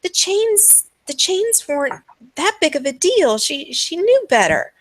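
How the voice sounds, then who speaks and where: A woman's voice: very high voice, very animated, measured pace, dry recording, voice pushed up, heavily acted. A woman voicing a frantic, grieving village mother who stammers and pleads over and over. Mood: pleading, distraught. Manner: stammering, pleading, repeats herself.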